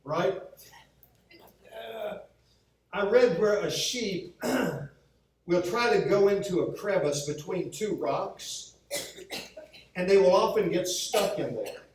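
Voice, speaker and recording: Here the preacher's voice is high and darkish, slow and full of frequent pauses as he shares comic stories and plays out the quotes in his sermon. A distant microphone catches him in a very reverberant church sanctuary.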